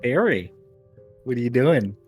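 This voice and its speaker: A man playing a tabletop game, blunt and swearing freely, with music clearly behind him. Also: medium pitch, very animated, a little slow, a little mellow. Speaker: player.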